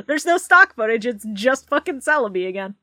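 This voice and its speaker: A woman's voice: fairly high pitch, sing-song, normal speed, bright, forceful tone, dry recording. A woman co-hosting a podcast in casual chat, wry and joking, swearing for effect. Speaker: podcast co-host.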